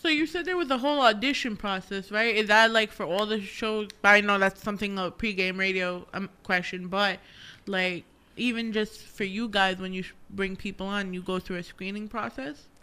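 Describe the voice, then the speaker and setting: A woman's voice: mid-range voice, normal speed, pushed and bright, smooth. A woman hosting a podcast, interviewing guests in a loose, slangy way with swearing. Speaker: podcast host and photographer. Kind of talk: casual interview chat.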